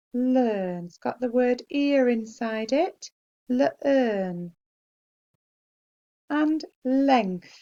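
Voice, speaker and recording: A woman teacher giving a slow, clear spelling dictation to young children and praising them gently. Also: on the high side, highs cut off. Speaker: primary school teacher.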